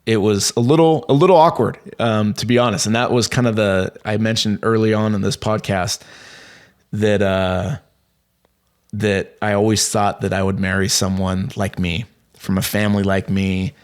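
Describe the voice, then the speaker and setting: Rambling low-voiced man telling a story. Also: moderate pace, clear, resonant tone. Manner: rambling, animated storytelling with many fillers and restarts. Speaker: podcast guest. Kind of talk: casual storytelling.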